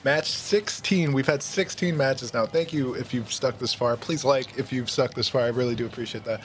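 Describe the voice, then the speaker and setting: A man's voice: mid-range voice, normal speed, soft background music. Laughing young guy hosting a video. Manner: laughing, loose and excitable, swears. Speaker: video host. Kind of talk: casual commentary, reading a story aloud.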